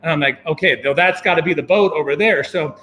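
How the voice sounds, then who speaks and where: A man telling a long personal story as an interview guest, animated and full of fillers and chuckles. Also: a little high, quick pace, slight background noise. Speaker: guest, venture capitalist. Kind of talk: casual anecdote telling.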